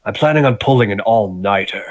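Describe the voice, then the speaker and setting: Man doing a nerdy scaly scholar creature, polite and formal, lowish voice, dry close mic. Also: brisk, no echo, close to an everyday voice, low-quality recording. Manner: courteous, formal and chatty.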